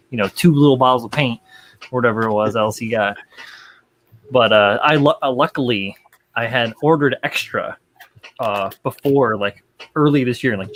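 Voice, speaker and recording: A man's voice: medium pitch, fairly bright tone, a little hiss or hum. A young man hosting a model-building livestream in loose, rambling chat, full of fillers and casual swearing. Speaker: livestream host.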